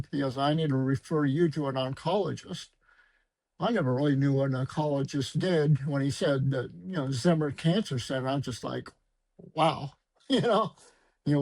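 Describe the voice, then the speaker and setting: Creaky-voiced man telling his story. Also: fairly high pitch, a little mellow, dry recording, poor audio. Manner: conversational, with fillers. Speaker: podcast guest. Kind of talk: casual storytelling.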